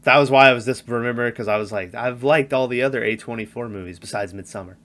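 A man's voice: medium pitch, quick pace. A man in casual podcast chat about horror films, telling stories animatedly and acting out the lines he quotes. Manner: animated storyteller, acts out quotes with laughs.

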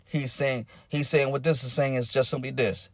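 A man's voice: medium pitch, steady tone, moderate pace, no room sound. A man preaching a sermon, building in rising, intense cadences and breaking into bursts of tongues.

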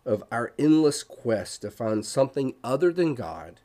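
A man's voice: mid-range voice, sing-song, a little slow, mellow. A man giving a devotional Bible teaching, explaining verses and asking his listeners questions.

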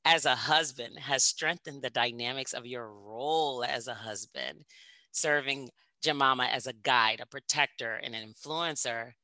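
A woman hosting an interview, effusive and emphatic, swinging from loud excitement to softer asides. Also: rumbling low, normal speed, no echo, low-quality recording. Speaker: interview host. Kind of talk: enthusiastic interview introduction and questions.

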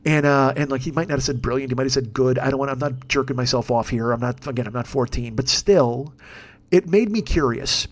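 A man's voice: medium pitch, fairly quick. A man hosting a comedic podcast, talking in a profane, rambling rant. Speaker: podcast host.

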